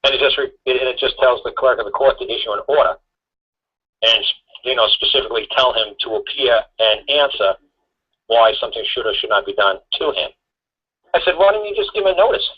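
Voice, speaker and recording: A man's voice: medium pitch, brisk, breathy edge. Blunt, rambling man on lo-fi radio. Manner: blunt, profane, rambling storyteller. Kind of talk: casual radio talk. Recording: dull lo-fi radio audio.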